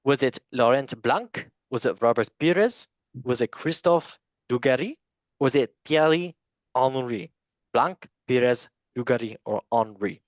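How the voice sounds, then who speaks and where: A man's voice: mid-range voice, no room sound. A man hosting a casual football quiz, joking and stumbling over French names. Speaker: quiz master.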